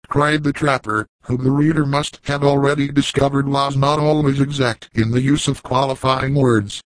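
A man's voice: medium pitch, steady tone, normal speed, few pauses, no room sound, rough recording. Man narrating an audiobook, dry. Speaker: audiobook reader.

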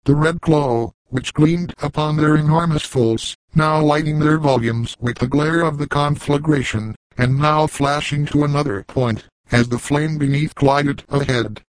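A man narrating a classic novel in a measured, even reading. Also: mid-range voice, dry recording, poor audio. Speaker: audiobook narrator.

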